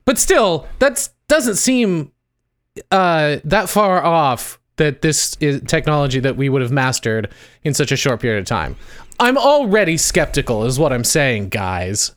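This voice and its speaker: A man's voice: a little high, big pitch swings, a little slow. A man co-hosting a casual podcast chat, skeptical and jokey. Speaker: podcast co-host.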